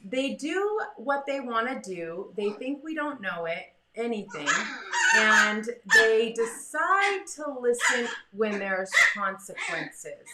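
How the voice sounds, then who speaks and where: A woman giving casual dog training advice in a chatty, animated way, now and then acting out her dog's thoughts in a voice. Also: mid-range voice, reverberant, heavy background noise. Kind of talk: casual advice talk to camera.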